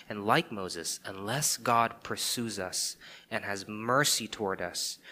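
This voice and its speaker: This male pastor has a medium-pitched voice with a sharp edge. Preaching emphatically, he poses question after rhetorical question, sprinkling in "okay" and "right" often.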